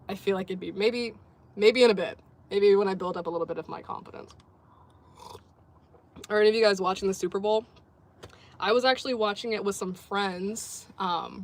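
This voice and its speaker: A woman hosting a casual livestream from a sports bar, chatting easily, laughing often and reading out viewer comments. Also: mid-range voice. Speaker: livestream host.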